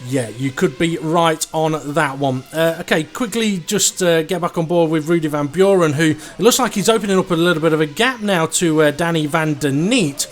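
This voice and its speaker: A man commentates a live race in a high, bright register. He talks casually between cars and speeds up with excitement when the battles get close. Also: moderate pace, few pauses. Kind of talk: live sim racing commentary.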